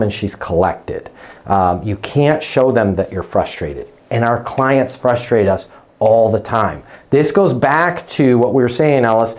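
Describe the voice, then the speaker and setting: A man coaching salespeople in a blunt, emphatic way, with casual swearing. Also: medium pitch. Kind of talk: coaching session.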